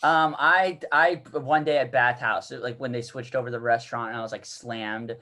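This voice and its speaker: A man's voice: mid-range voice, fairly even intonation, moderate pace, bright, forceful tone. A man co-hosting a comedy podcast, rambling through a casual anecdote with lots of restarts. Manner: rambling, restarts, laughs through his stories. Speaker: podcast co-host.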